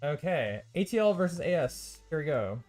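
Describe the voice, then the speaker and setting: A man's voice: a little high, big pitch swings, moderate pace, a little mellow, soft background music. Chatty male esports caster, filler-heavy. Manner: loose and chatty, lots of ums and uhs, dry sarcastic asides. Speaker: esports caster and stream host. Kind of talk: solo live game commentary.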